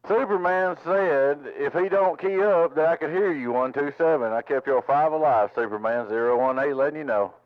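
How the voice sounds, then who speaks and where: A man's voice: fairly high pitch, normal speed, few pauses, highs cut off. A man at his home radio station, chatting on CB and repeating call signs and handles in radio lingo. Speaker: CB radio operator.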